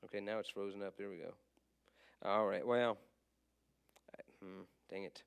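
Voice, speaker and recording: A man's voice: lowish voice, fairly even intonation, normal speed, gravelly, clean tone. A man teaching a casual class. He asks questions and answers them himself, and he stops to fix his slips.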